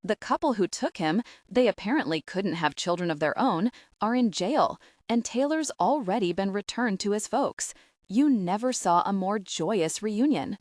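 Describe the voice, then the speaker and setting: A woman reading the part of a friendly, relaxed female FBI agent in an audiobook. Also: mid-range voice, moderate pace, no room sound, clean studio sound, lightly acted. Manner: relaxed, amused.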